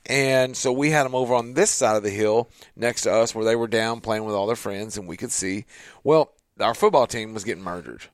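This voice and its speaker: A man with a lowish voice hosts a show, casually telling a family story at a brisk pace and acting out the voices of the people he quotes. There's no room sound in the recording.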